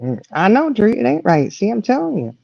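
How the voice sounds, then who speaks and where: Playful woman with a lively voice. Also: mid-range voice, brisk, vocal fry, no echo, muffled recording. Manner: playful teasing, laughing often. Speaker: livestream host. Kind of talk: casual chat reading viewer comments.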